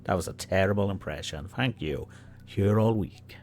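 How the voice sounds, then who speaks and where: A man's voice: low-pitched, normal speed, a little mellow, soft background music. A man commentating on online drama, mocking and lecturing the person in the clips. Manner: mocking, lecturing, talks straight to the subject. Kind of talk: sarcastic commentary on a livestream.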